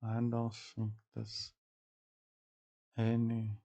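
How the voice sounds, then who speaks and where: A man speaking English as a second language, halting and searching for words, repeating words to practice saying them as he reacts to an anime. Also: mid-range voice, completely flat delivery, creaky, dark tone. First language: not English. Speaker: anime reaction channel host. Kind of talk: casual theory-crafting reaction.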